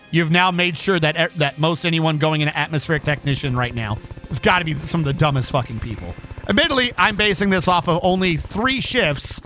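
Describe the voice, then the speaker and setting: High, bright-voiced cursing male streamer. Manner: profane, stammering, heated ranting. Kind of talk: casual gaming livestream rant.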